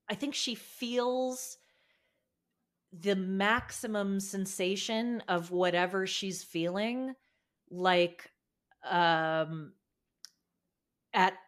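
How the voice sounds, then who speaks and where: A woman guest on a podcast, explaining her view in a thoughtful casual chat with many fillers. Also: medium pitch.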